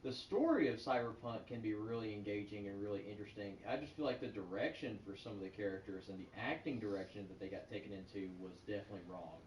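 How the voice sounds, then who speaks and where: A man's voice: fairly low pitch, lively intonation, fast talker, few pauses, a little mellow, distant mic. A man as a guest in a casual chat about games, rambling and leaning on the word "like". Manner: rambling, heavy on filler "like". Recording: echoey room, off-mic, faint noise.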